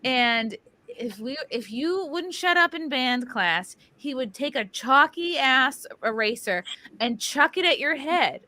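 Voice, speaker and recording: Her voice is high and her pace slow, recorded with no echo. She's a podcast host in her thirties who reads out viewer comments and spins lively, laugh-filled stories in an easygoing chat.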